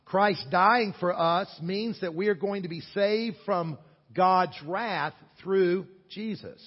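Earnest Southern preacher in an echoing hall. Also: male voice, slow pace, breathy edge. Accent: Southern American. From American South. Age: 60s. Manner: earnest, emphatic, swings between loud stresses and quiet low asides. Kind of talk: sermon. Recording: long hall echo, dull lo-fi sound.

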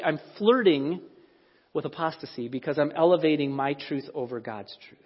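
A man's voice: on the high side, normal speed, husky. A man preaching a sermon as pastor, talking in a conversational, storytelling way. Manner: conversational storytelling, acts out quoted voices. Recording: echoey hall, dull lo-fi sound.

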